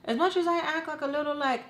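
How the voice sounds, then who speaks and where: A woman's voice: high-pitched, fairly bright tone. Young woman venting through a storytime. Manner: heated, venting, many "like" fillers. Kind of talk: casual storytime vlog. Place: at home with children nearby.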